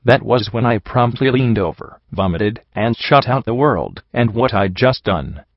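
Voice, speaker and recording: A man's voice: mid-range voice, animated, unhurried, dry recording, highs cut off. A man narrating a dramatic first-person story in an earnest, emotional reading.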